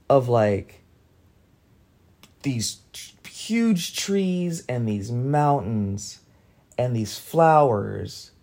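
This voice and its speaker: Man telling a dream story, mellow voice. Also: medium pitch. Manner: loose, filler-heavy telling with many "like"s. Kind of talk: casual spoken anecdote.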